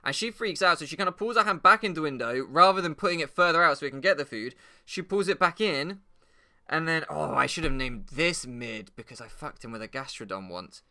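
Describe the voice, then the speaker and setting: A man's voice: on the high side, expressive, fairly quick, bright, forceful tone. A man doing comedic, rambling commentary while he plays, swearing often and laughing at his own jokes. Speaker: gaming YouTuber.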